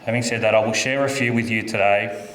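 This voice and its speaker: A man giving a eulogy in a church, halting and repeating his words. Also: on the low side, steady tone, a bit bright. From Australia. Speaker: eulogy speaker. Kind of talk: reading a eulogy. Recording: echoey church with faint room noise.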